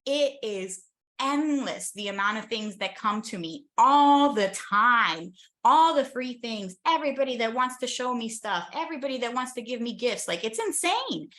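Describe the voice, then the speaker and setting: A young adult woman from the United States telling travel stories as an interview guest, animated and enthusiastic, with many quick asides. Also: fairly high pitch. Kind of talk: casual storytelling in an interview.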